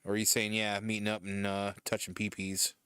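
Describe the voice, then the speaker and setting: A man's voice: fairly low pitch, completely flat delivery, brisk, bright, forceful tone, clean tone, dry recording, studio quality. A man from Michigan streaming casual chat while painting, rambling loosely and swearing now and then. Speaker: streamer host.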